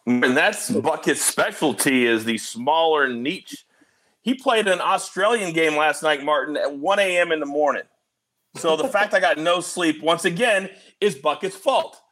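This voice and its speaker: Male host, high and lively, jokey energetic show opener. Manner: animated, joking, quick to tease guests. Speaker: host of a sports betting show.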